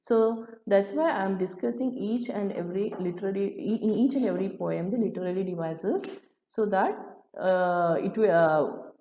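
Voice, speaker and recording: A woman's voice: medium pitch, moderate pace, dark tone. Woman teacher with Indian English accent. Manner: patient explaining, many restarts and fillers. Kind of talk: classroom lesson explaining a poem. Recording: echoey room, dull lo-fi sound.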